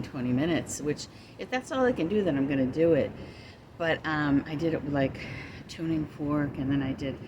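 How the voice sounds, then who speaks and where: A woman out of breath, chatting casually as she films herself on a walk outdoors. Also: sits low. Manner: chatty, rambling, self-encouraging. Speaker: vlogger. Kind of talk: casual walking vlog. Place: outdoors on a walk near traffic. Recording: loud outdoor noise with passing vehicles.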